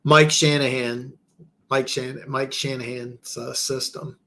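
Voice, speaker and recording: A man hosting a live football show in a casual, rambling way, with many restarts and stammers, his pitch jumping up when he is incredulous. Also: level tone, slow pace, a bit bright. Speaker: podcast host.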